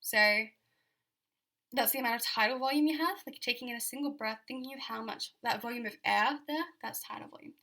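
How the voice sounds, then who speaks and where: A woman's voice: a little high, a little fast, pushed and bright. A young Australian woman giving a chatty exam revision lecture, full of fillers and repeated key points.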